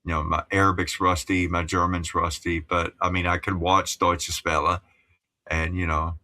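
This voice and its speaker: A man's voice: deep voice, level tone, moderate pace, bright, forceful tone. A man in his fifties from Appalachia, a musician guest talking in careful broadcast English, chatty and digressive with many restarts. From Appalachia, USA. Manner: digressive, chatty, lots of you-knows and restarts. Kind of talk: casual interview chat.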